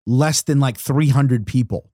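A man's voice: medium pitch, a little slow, warm tone, dry recording, studio quality. A man co-hosting a podcast, chatting casually and animatedly, slipping into joking put-on voices. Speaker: podcast co-host. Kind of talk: casual political chat.

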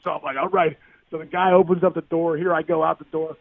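Fast-talking gravelly man on a phone line. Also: fairly high pitch, dry recording. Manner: excitable, acts out the voices of people in his stories. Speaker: guest, former pro baseball player. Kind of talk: animated storytelling in a podcast interview. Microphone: phone call. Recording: tinny dry phone line.

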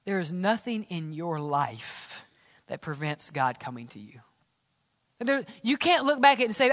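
A man's voice: high voice, very animated, moderate pace, a bit bright. A man preaching a sermon in a church, earnest and conversational, asking the congregation rhetorical questions. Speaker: pastor. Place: church sanctuary. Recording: long church reverb.

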